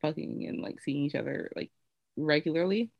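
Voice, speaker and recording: Low-voiced woman telling stories candidly. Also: lively intonation, moderate pace, gravelly, no echo, highs cut off. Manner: candid, rambling storytelling with many fillers. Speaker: podcast co-host. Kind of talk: casual chat.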